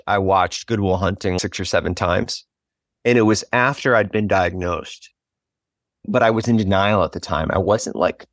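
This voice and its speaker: A man's voice: sits low, dry recording, clean studio sound. A man in his forties, a guest on a podcast interview, speaking in an earnest, thoughtful way and musing aloud. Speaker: guest, author.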